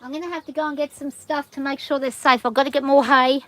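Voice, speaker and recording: A woman vlogging casually on a farm, gushing excitedly and using baby talk with her animals. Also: sits high, fast. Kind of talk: casual vlog, talking to animals and viewers.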